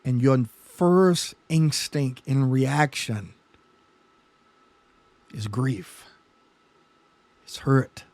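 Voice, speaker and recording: A man's voice: mid-range voice, expressive, drawn-out words, long pauses, darkish tone, no echo. A man pastor teaching a Bible study sermon, emphatic, often repeating words as his passion builds. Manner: emphatic, stammering repetitions, rising passion.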